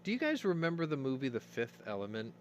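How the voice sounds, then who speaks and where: A man's voice: mid-range voice, wildly swooping pitch, fast, a little hiss or hum. A man hosting a casual news commentary show, rambling and opinionated, swearing as he talks. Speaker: host.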